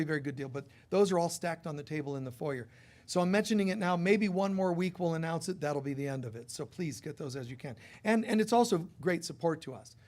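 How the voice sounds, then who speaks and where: Brief: male spiritual teacher, higher voice, rambling church announcements. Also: a little mellow. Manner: chatty, rambling, with many fillers.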